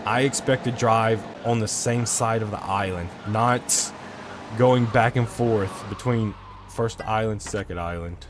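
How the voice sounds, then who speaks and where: Swearing in frustration as he rambles, a gaming streamer gives casual commentary on his gameplay into a desk microphone. He talks at a measured pace in a voice on the low side, with noise behind him.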